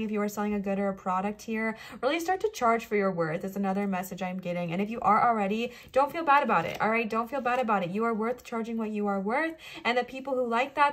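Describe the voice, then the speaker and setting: A woman giving a pick-a-card tarot reading, talking fast in an upbeat, gushing way and passing on affirming messages from Spirit. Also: mid-range voice. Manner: affirming, uplifting, channeling Spirit. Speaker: tarot reader.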